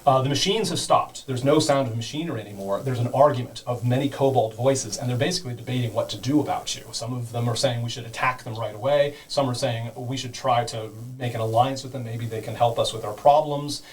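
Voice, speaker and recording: A man's voice: mid-range voice, a little fast, hardly any pauses, recorded from a distance, poor audio. A man narrating as game master, explaining things casually, with many fillers. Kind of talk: teaching and narrating a tabletop game.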